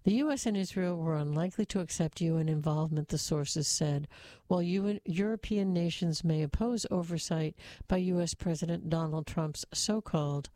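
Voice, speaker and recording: Mellow-voiced woman reading news stories. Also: lowish voice, normal speed, no room sound. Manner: steady, even news delivery. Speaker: news reader.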